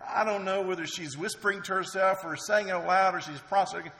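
A man's voice: high-pitched, fairly even intonation, brisk, bright, forceful tone. A middle-aged man preaching a sermon in an earnest, conversational way. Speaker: pastor. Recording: long reverb in a large hall.

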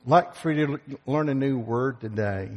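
A man's voice: medium pitch, moderate pace, muffled recording. A man leading a congregation as pastor, giving folksy church announcements and opening remarks. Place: church sanctuary. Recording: long hall reverb.

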